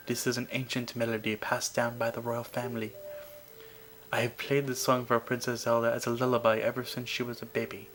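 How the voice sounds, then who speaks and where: A man's voice: mid-range voice, fairly bright tone, lightly acted, rough recording. A man putting on Impa, stern guardian with an Indian accent. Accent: Indian, put on. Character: stern protective female guardian warrior.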